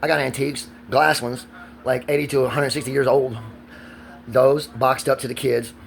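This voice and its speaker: Man in his 40s, gravelly fry-laden voice, profane rambling vlog rant, faint background hum. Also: mid-range voice, little pitch movement, normal speed. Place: outdoors.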